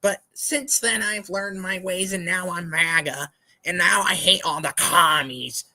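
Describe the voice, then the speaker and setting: A man's voice: high-pitched, a little slow, bright, forceful tone, voice pushed up, exaggerated voice, poor audio. A man impersonating a brash middle-aged woman in a rambling political rant.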